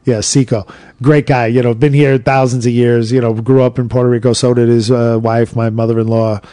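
A man, a podcast guest telling a story in a lively way, acting out the voices of people he quotes. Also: mid-range voice, fairly quick, dry recording, studio quality. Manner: animated, acts out quoted voices, swears freely. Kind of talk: casual storytelling.

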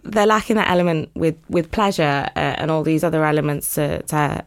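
Appearing as a podcast guest, a young woman who co-founded a condom brand talks casually and cheerfully about her company in a low voice that runs a little fast. She laughs now and then and fills her speech with many fillers.

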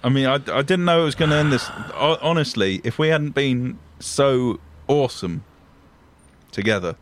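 A man from England co-hosting an improvised comedy sketch, delivering deadpan, stammering banter. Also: mid-range voice, moderate pace, a little hiss or hum. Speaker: comedy podcast co-host.

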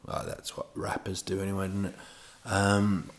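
A man's voice: low voice, little pitch movement, normal speed. A man hosting a podcast, telling a rambling comic monologue full of digressions and self-mocking asides. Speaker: podcast host.

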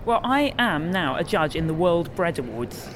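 A woman's voice: fairly low pitch, very animated, normal speed, background noise. A British woman who writes about food, chatting as a podcast guest in an enthusiastic, wry manner. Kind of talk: casual interview conversation.

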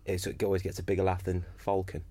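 A man's voice: low voice, monotone, very fast, dark tone, slightly rough, no echo. A man with a London accent, a comedian guest on a podcast, telling rambling anecdotes full of restarts. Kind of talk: casual chat.

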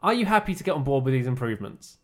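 A man's voice: mid-range voice, very animated, very fast. Teasing man bantering on a podcast. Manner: teasing, dry. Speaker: podcast co-host. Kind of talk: casual banter.

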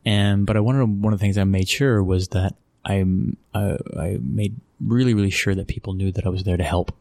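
Middle-aged American man from Texas, interview guest, lowish gravelly voice, dry close sound, easygoing and chatty. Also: fairly even intonation, a little fast, mellow, dry recording. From Texas, USA. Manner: conversational, repeats phrases, chuckles often. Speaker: guest, sports executive. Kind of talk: relaxed interview storytelling.

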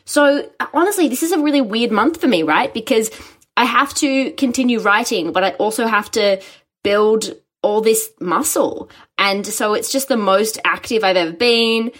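A young woman, a guest chatting casually in an interview, telling stories in an animated way with frequent laughter. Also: on the high side, normal speed. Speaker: guest, musical writer.

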